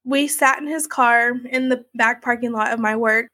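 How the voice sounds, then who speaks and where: A woman's voice: on the high side, fairly even intonation, normal speed, bright, forceful tone, no echo. A woman telling her own story in a candid, conversational way, with many fillers like "like" and "you know". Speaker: interviewee sharing her story.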